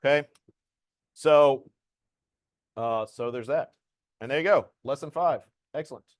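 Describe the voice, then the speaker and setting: A man's voice: mid-range voice, unhurried, dry recording, studio quality. A man teaching a programming lesson to a class, explaining code casually as he demonstrates it.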